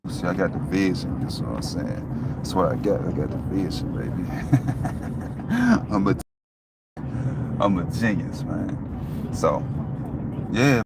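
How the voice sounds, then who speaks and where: A man's voice: low voice, very animated, measured pace, gravelly, long pauses. Guy talking to his youtube viewers outside, cussing a lot, "you know what im saying" every line, street noise all around. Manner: loose, profane, repeats "you know what I'm saying". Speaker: YouTube vlogger. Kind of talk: casual motivational talk to viewers.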